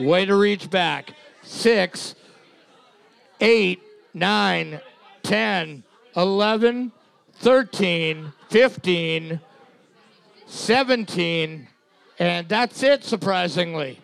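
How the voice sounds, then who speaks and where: A man's voice: high voice, creaky, fairly bright tone, smooth. A man co-hosting a trivia show, counting off teams and teasing them with profane sarcasm. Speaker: co-host scoring answers. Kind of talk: casual comedic banter.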